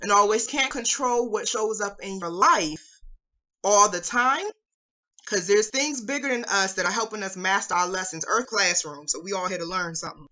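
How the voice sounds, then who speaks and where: Bright-voiced woman telling a spiritual story. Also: mid-range voice, normal speed. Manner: warm affirming, storytelling with acted quotes. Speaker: co-host, womb wellness leader. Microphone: video call.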